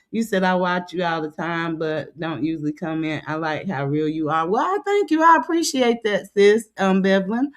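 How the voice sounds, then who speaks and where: This livestream host is a chatty woman welcoming viewers with long, drawn-out greetings. She lowers her voice to read comments out loud.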